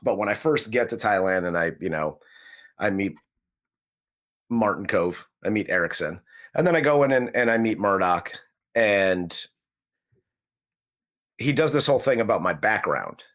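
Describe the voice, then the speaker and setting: A man's voice: on the low side, lively intonation, normal speed, pauses often, fairly bright tone. Rambling man talking in character. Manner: rambling, speaks in character as the film's hero in first person. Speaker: movie review podcast co-host. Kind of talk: casual chat.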